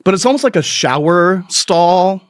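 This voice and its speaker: A man's voice: high-pitched, animated, normal speed, smooth, no room sound, studio quality. A man hosting a comedy podcast, telling crude, rambling stories in a profane, self-mocking way and laughing at his own jokes. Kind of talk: crude comic storytelling monologue.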